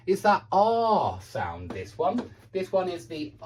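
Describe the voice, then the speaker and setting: A British man gives an English pronunciation lesson and walks through each point as if thinking it over aloud. His intonation rises and falls in wide, animated swings. Small hesitations and fillers run through his explanations. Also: high voice, slow, recorded from a distance. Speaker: English teacher.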